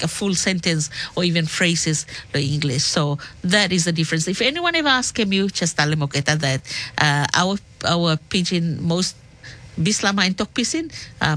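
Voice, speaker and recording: A young woman from the Solomon Islands hosts a casual radio segment, speaking with a Solomon Islands Pijin accent. Her voice sits a little low, and she drifts between English and Pijin, pausing on frequent fillers. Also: fairly bright tone. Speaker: radio presenter.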